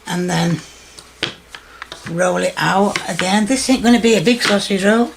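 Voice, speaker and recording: Slow-talking woman cooking. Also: mid-range voice, vocal fry, a little hiss or hum. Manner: slow, chatty step-by-step instructions. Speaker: home cook. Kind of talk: home cooking demonstration.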